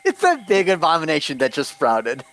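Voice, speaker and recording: A man's voice: a little high, huge pitch swings, moderate pace, a bit bright. A man playing a tabletop game, describing his character's actions in first person in casual chat. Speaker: player.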